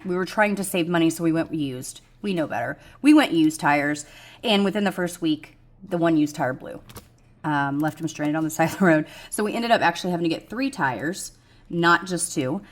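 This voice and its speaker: A middle-aged woman talks casually to her viewers, her voice sitting a little low. She rambles with plenty of ums and restarts, frank and self-deprecating. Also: a bit bright. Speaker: budgeting vlogger. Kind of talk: casual chat to camera.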